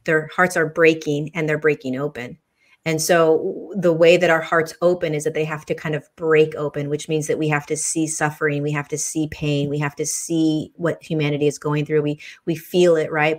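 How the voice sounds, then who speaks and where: Low, flat-voiced woman spiritual host. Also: a little fast. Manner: earnest, repeats phrases, many restarts. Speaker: spiritual teacher hosting a live session. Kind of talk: heartfelt livestream talk.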